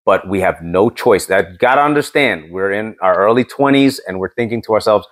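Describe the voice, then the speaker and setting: A man's voice: fairly low pitch, expressive, fairly quick. A man hosting a podcast, telling a story in a joking, casual way. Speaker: podcast host.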